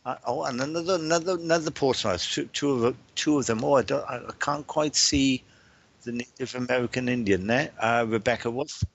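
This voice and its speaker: A man's voice: medium pitch, fairly quick, dull audio. A man from Wales, a medium hosting a livestream, chatting casually and greeting viewers by name, often repeating words and restarting his sentences.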